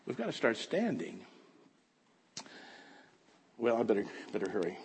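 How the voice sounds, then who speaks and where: A man preaching a fervent sermon that swings from quiet talk to shouting. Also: lowish voice, sing-song, a little slow, husky. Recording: echoey hall.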